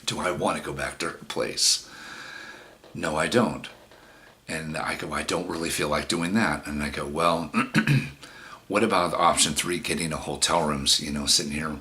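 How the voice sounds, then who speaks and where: Middle-aged man, rambling blunt vlogger, deep voice with a sharp edge. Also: fairly even intonation, moderate pace. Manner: rambling, frank and profane, with many restarts. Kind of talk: casual storytelling monologue.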